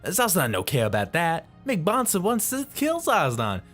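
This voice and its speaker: A man's voice: a little high, wildly swooping pitch, normal speed, fairly bright tone, pitched above the performer's own voice, full character voice. A man voicing a small, fretful creature who speaks in broken third-person sentences, over faint music.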